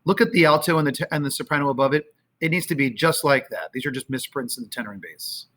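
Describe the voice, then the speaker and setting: A man teaching a choir, talking casually and singing out phrases slowly to show how they go. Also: mid-range voice, a bit bright. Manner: sings and chants phrases slowly to demonstrate; conversational with fillers. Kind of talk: choral rehearsal instruction. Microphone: camera, sometimes moving off it.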